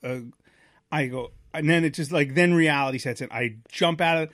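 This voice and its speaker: A man co-hosting a casual podcast, rambling through a story with restarts and asides. His voice sits a little high for a man, and it jumps louder whenever he acts out what someone said. The sound is close and dry, with no room echo. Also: moderate pace. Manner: animated, acts out quoted voices loudly. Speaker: podcast co-host.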